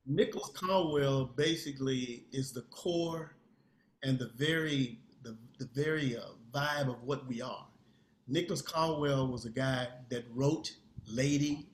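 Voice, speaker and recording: A man's voice: mid-range voice, echoey room. An older man, a singer, speaking earnestly and emphatically in an interview. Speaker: guest singer. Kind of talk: interview conversation.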